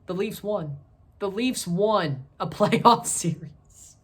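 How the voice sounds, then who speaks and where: A woman in her thirties hosting a casual sports review vlog, excitable and rambling, correcting herself as she goes. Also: mid-range voice, slow pace, slightly rough. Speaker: sports channel host.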